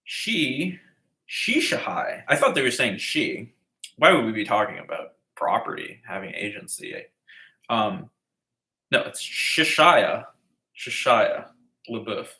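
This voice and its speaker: A man reads scripture at an unhurried pace in a bright, forceful voice. He trips over unfamiliar names and keeps breaking off for jokey, irreverent asides. The room around him rings with echo. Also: medium pitch, sing-song. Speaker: bible reading podcaster. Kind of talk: casual comedic bible reading.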